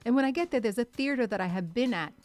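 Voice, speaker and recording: A woman telling a lively story as a radio show guest, acting out the people in it. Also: a little high, fast. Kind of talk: animated storytelling in casual chat. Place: radio studio.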